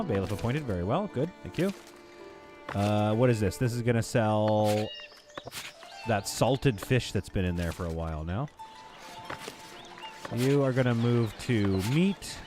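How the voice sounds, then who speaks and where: A man streaming a city-building game, thinking out loud in a rambling, self-deprecating, casual way. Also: on the low side. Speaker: gaming streamer. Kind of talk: casual live game commentary.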